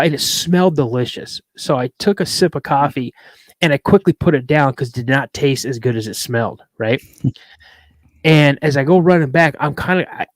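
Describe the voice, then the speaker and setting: A man's voice: a little high, no room sound. A man co-hosting a live show, telling a rambling anecdote in casual chat. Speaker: co-host.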